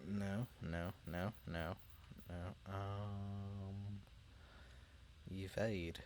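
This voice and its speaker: A man giving casual let's-play commentary, a little tipsy, rambling and apologetic, with sudden excited outbursts. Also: sits low, very slow, slight background noise. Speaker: gamer playing through a video game. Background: game music.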